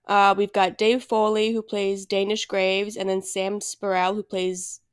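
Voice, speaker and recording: A woman's voice: mid-range voice, little pitch movement, unhurried, clear, resonant tone. A young woman co-hosting a casual podcast, rambling with lots of fillers and self-deprecating asides. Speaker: podcast co-host. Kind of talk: casual chat.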